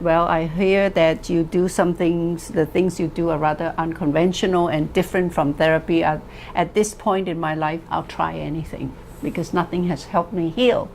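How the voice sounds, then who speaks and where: A woman therapist telling a story from her practice in a reflective, earnest way, with pauses as she speaks. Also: lowish voice, a little mellow, a little hiss or hum, poor audio. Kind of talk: storytelling talk.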